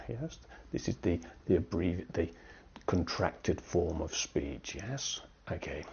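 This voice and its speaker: A man teaching an online English grammar lesson, speaking slowly and checking in with "yes?" after almost every point. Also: lowish voice, gravelly, dark tone, husky. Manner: slow, checks in with "yes?" often. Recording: dull lo-fi sound.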